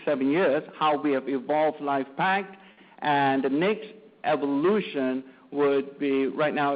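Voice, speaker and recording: A man presenting a company's product pipeline to investors, halting often with fillers and restarts. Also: medium pitch. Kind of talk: corporate presentation speech. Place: conference stage at a podium. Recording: tinny phone-like audio.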